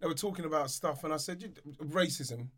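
A man co-hosting a podcast, telling animated anecdotes, repeating words and dropping low when quoting others. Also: racing. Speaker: podcast co-host, former footballer. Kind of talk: casual storytelling chat.

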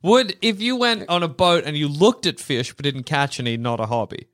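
An Australian man co-hosting a family podcast in loose, playful chat. His voice sits high for a man and swings widely in pitch as he teases and laughs. He keeps firing questions at the others. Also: animated, normal speed, fairly bright tone. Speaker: podcast co-host.

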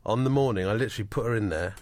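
Quick deadpan guy, lowish voice, tells stories fast on a dry mic. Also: no echo. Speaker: podcast guest. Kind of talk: casual comedy chat.

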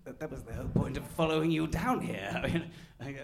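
A man playing a bumbling, eager explorer in an improvised comedy scene, stammering and excitable. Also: a little high, fast talker, noisy background, close to an everyday voice.

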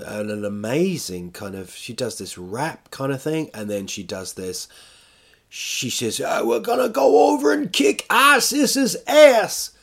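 A man's voice: on the low side, a little mellow. A man rambling in casual, self-mocking chat as a podcast host, talking from home while recovering from illness.

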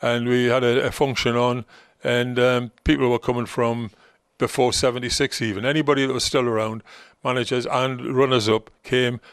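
Gravelly older Geordie man telling stories. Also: medium pitch, flat delivery, moderate pace, dry recording, clean studio sound. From North East England. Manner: rambling, with many ums and restarts. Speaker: guest, former football manager. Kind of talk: relaxed anecdotal storytelling.

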